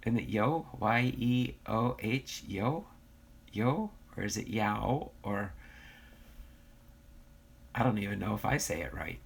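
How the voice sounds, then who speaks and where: A man's voice: on the low side, vocal fry, slightly rough. An American man hosting a casual livestream, reading viewer comments aloud and bantering, with a slightly nasal voice. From United States. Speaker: livestream host.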